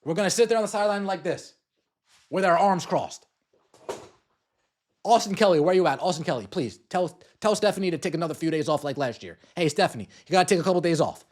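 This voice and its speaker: A man's voice: high voice, expressive, fairly quick. A man hosting a podcast, delivering an angry sports rant, swearing and repeating himself. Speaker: podcast host.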